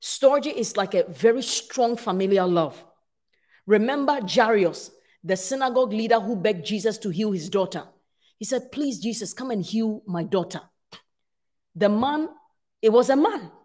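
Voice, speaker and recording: A middle-aged woman pastor preaching a sermon to her congregation, telling stories and acting out her own past complaints with lively animation. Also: mid-range voice, moderate pace. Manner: speaks to a congregation, asks for responses.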